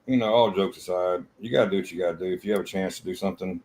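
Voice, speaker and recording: A man's voice: deep voice, racing, a little mellow, slight background noise, rough recording. A blunt man co-hosting a live trading stream, chatting casually, swearing freely and retelling stories with quoted lines.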